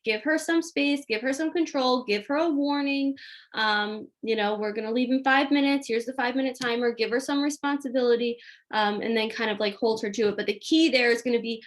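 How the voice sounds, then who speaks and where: A woman hosting a live question-and-answer session on a video call, giving parenting advice in a casual, chatty way with frequent fillers. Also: a little high.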